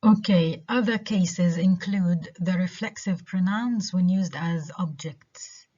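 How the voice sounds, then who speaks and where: Husky woman lecturing with a Levantine Arabic accent. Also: fairly low pitch, mellow. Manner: explains slowly with repeated examples and frequent check-ins. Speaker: university lecturer. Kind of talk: recorded lecture mixing English and Arabic. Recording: dull lo-fi lecture recording.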